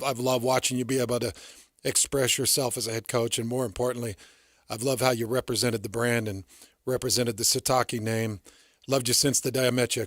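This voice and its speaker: A man's voice: medium pitch, no room sound, clean studio sound. Earnest male sports radio host. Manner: earnest, storytelling, emphatic.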